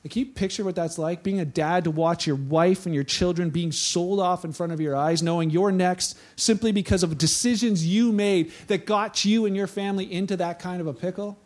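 A man's voice: high voice, fairly quick, few pauses. A male pastor preaching a sermon in a conversational, chatty way. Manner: conversational, chatty, with frequent "like" asides.

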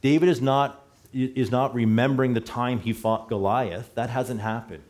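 A man's voice: mid-range voice, steady tone, moderate pace, a little mellow. A middle-aged man preaching a sermon in a church, talking conversationally and correcting himself as he goes. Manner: conversational, self-correcting, chuckles at slips. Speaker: pastor.

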